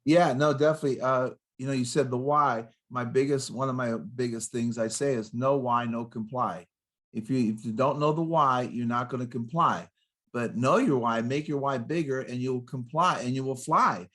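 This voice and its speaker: A man in his sixties, a guest motivational speaker on a podcast, talking in an excitable, punchy way with rhyming catchphrases and jumping from story to story. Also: medium pitch, moderate pace. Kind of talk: energetic podcast interview.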